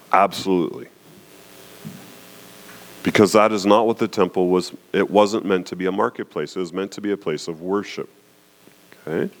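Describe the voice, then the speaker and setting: Man preaching, checking in with "okay?". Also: a little high. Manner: frequent "okay?" check-ins, restarts, rhetorical questions. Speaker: pastor. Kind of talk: sermon.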